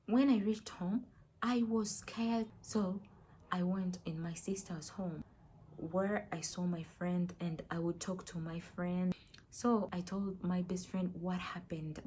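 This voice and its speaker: A woman's voice: lowish voice, warm tone, slight background noise. A young woman vlogger earnestly retelling a painful personal story, acting out quoted dialogue.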